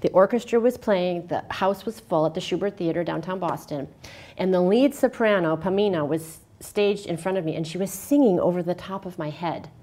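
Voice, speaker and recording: A woman's voice: fairly low pitch, normal speed. A woman, a former opera singer, telling stories in a casual TV interview and acting out the voices in them. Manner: animated storyteller, acts out quotes and sings snippets. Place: local cable TV studio.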